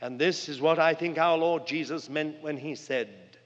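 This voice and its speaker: Older male preacher with a fairly high voice; dramatic, earnest sermon delivery; dull lo-fi hall recording. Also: normal speed. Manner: earnest, dramatic storytelling with wide swings of pitch and loudness. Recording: long hall reverb, dull lo-fi sound.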